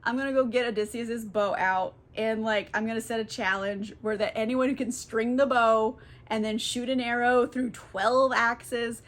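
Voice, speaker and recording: A woman's voice: a little high, steady tone, moderate pace, hardly any pauses, natural voice. A woman voicing a tired, exasperated queen in a comic retelling, speaking with casual profanity. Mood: fed up. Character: weary, fed-up queen, middle-aged woman.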